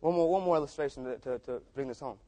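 A man's voice: mid-range voice, fast, warm tone. A man preaching a sermon through casual, repetitive stories. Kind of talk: storytelling sermon.

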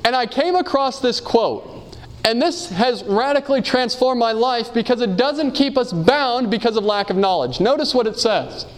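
High-voiced man preaching earnestly. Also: lively intonation, moderate pace. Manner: earnest, asks the audience many rhetorical questions; reads quotations aloud and tells personal stories. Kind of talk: sermon.

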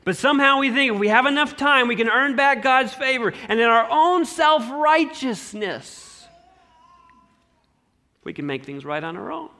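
A man preaching a sermon in an animated way, swinging between loud emphasis and hushed asides. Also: very high voice, normal speed. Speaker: pastor.

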